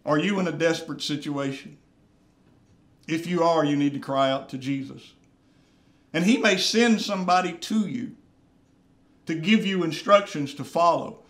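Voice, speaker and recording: Man, pastor, sermon, earnest, repeats phrases, high voice, roomy echo. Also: moderate pace, pauses often, a bit bright.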